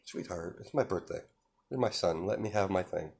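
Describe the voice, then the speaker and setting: A man's voice: low voice, normal speed, gravelly, darkish tone, breathy edge, heavily acted. A man voicing a doting but ruthless middle-aged mother in a storytelling fan fiction, lifting his voice with sweet, lilting endearments.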